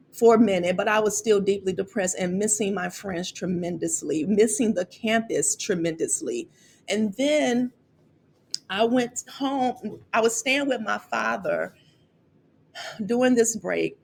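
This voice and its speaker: A middle-aged Chicago woman who vlogs about college financial aid tells personal stories to camera in a medium-pitched, gravelly voice, with a little hiss or hum. She candidly recounts her college years, getting emotional and repeating words as she goes.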